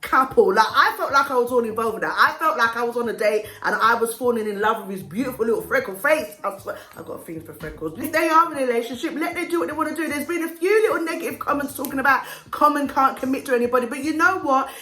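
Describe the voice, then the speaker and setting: A woman's voice: high voice, fast, few pauses. A woman chatting casually and giving opinions while reviewing TV shows as a vlogger. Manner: chatty, opinionated, animated storytelling. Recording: roomy echo with faint music.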